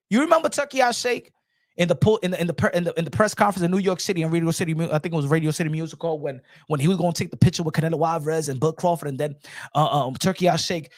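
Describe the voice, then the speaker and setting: Brief: an opinionated man on a boxing stream, talking emphatically in a dry, close sound. His delivery is animated and forceful as he makes his case. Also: on the high side, fast, no echo. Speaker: boxing commentary host. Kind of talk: casual livestream commentary.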